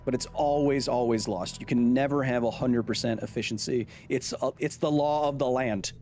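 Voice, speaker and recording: A man's voice: mid-range voice, normal speed, a little mellow, slight background noise. A man in his thirties explaining science casually while streaming a video game, reading and answering viewer comments aloud. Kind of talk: live gaming stream commentary.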